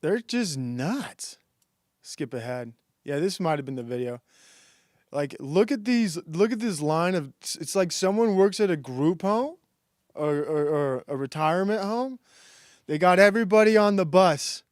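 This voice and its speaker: Casting: male stream host, slightly high voice, dry close sound, rambling mockery, laughs at his own lines. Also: lively intonation, a little slow, no room sound. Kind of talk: casual comedic monologue reacting to videos.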